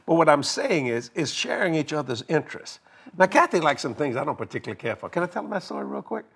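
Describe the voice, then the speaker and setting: An older man casually telling a long story, animated and laughing as he acts out both sides of a conversation. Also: fairly high pitch, fast talker, vocal fry, breathy edge. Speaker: guest telling a marriage story.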